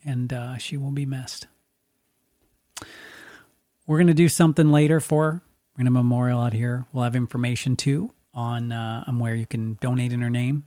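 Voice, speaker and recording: A man, a radio DJ hosting a podcast, talking in a reflective, halting way and acting out the people in his story. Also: mid-range voice, steady tone, mellow. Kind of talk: casual podcast conversation.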